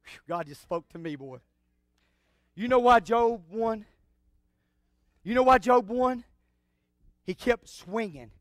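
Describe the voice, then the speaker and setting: A man preaching an impassioned sermon, shouting out exclamations, then dropping to hushed asides. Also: sits high, animated, slow pace, long pauses, dry recording, studio quality. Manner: call-and-response exclamations. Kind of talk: fiery sermon.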